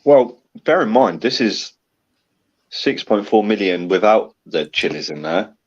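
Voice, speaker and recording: A man's voice: lowish voice, lively intonation, measured pace. A man, a guest in a casual chat, blunt and swearing casually. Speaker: guest, chili challenge eater. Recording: dull lo-fi sound.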